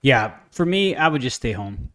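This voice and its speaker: A man chatting casually on a podcast, voice sitting in an ordinary middle range. The sound is dry and close, with no room around it. He tells stories with energy and jumps into higher voices to mimic people. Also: moderate pace, dry recording. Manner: animated storyteller, mimics others in raised voice. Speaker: podcast co-host. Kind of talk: casual chat.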